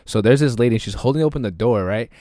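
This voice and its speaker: A man's voice: medium pitch, fast talker, dry recording, clean studio sound. A man co-hosting a casual podcast, telling stories with lots of swearing and acted-out voices. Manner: swears constantly, animated storyteller who acts out voices. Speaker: podcast co-host. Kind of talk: casual chat.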